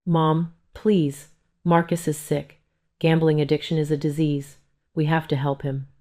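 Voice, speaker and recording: A tearful grown daughter begging her angry mother for mercy, read by a woman. Her low voice pleads softly in this audio storybook. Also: little pitch movement, unhurried.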